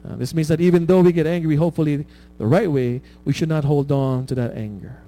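A male preacher with a high, mellow voice delivers a conversational sermon. He keeps checking in with "right?" and laughs at his own examples. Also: fast talker.

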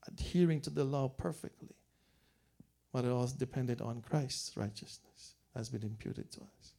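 A pastor with a dark, creaky, mid-range voice delivers a sermon, joking and chuckling often as he tells family stories.

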